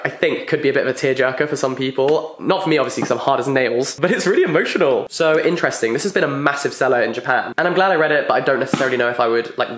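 Chatty young man in a roomy flat. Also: mid-range voice, a little hiss or hum. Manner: chatty, self-mocking, quick asides. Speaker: book vlogger. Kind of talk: casual vlog chat to camera. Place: his flat, indoors. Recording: roomy indoor echo.

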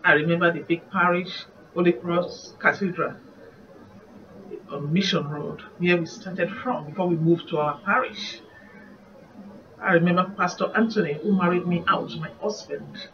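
A woman's voice: fairly low pitch, moderate pace. A woman evangelist with a Nigerian accent, giving an earnest, reflective devotional sermon. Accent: Nigerian English. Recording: muffled distant recording, faint background noise.

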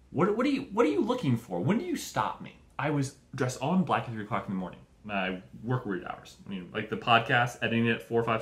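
Profane rambling man in an echoey room. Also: mid-range voice. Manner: profane, tangent-hopping, acts out little scenes. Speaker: podcast host. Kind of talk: rambling comedic monologue.

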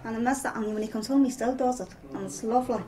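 A woman's voice: a little high, quick pace, dark tone, a little hiss or hum, poor audio. A middle-aged woman with a Northern Irish accent giving a personal testimony, telling her story with many repeated "I says".

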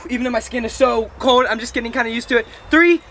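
A young man in his late teens talking excitedly through an outdoor ice bath for his vlog, breathless from the cold. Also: extremely high pitch, a little fast, a little hiss or hum. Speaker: vlogger. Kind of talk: casual vlog commentary.

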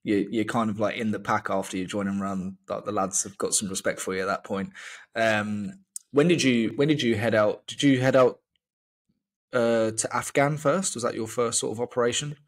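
A man hosting an interview, asking relaxed prompting questions. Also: on the low side, moderate pace. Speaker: podcast host, interviewer.

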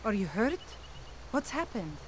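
A woman's voice: medium pitch, big pitch swings, measured pace, a little hiss or hum. A protective village mother. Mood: concerned. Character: protective village woman, steady and hospitable. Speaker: game character. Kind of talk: video game voice acting.

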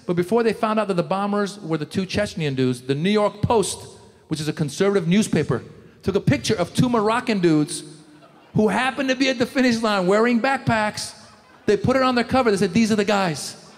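A man doing a stand-up comedy set, animated, breaking into loud shouted character voices. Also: high voice. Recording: reverberant hall, faint room noise.

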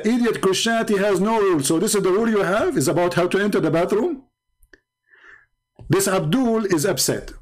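A man's voice: a little high, darkish tone. Sarcastic man hosting a live stream. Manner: sarcastic, scornful rhetorical questioning; broken, non-standard English grammar. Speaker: livestream host. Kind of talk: mocking live-stream commentary.

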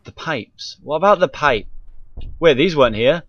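A man's voice: fairly high pitch, expressive, moderate pace, no room sound, muffled recording. A man commentating a horror game he is playing, easily scared, swearing and yelping often, recorded on a handheld camera mic. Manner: jumpy, scared, swearing, frequent sudden yelps. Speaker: gaming YouTuber.

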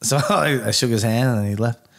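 A man with a Californian accent, a barber telling a story on a podcast, animated and full of swearing, acting out what people said. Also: medium pitch, moderate pace, creaky. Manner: animated, swears a lot, acts out quotes. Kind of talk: casual storytelling chat.

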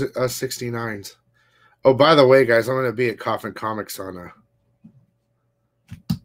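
A man hosting a casual comic book livestream, talking fast and loose, swearing freely and reading viewer comments aloud. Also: lowish voice. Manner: profane, excitable, reads chat aloud. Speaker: comic shop livestream host. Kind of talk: casual live-stream chat.

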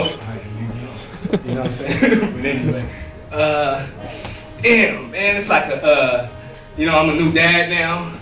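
A man's voice: fairly high pitch, expressive, a little slow, reverberant, far from the mic, music in the background. A man doing a crude, rambling stand-up comedy set in a small, nearly empty club, laughing at his own jokes.

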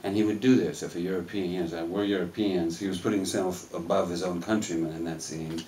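A man on a film Q&A panel, talking in a rambling, animated way and laughing as he tells stories in a cinema hall. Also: low-pitched, fast, far from the mic, slight background noise. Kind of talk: casual live Q&A storytelling. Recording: echoey hall, mic heard from afar.

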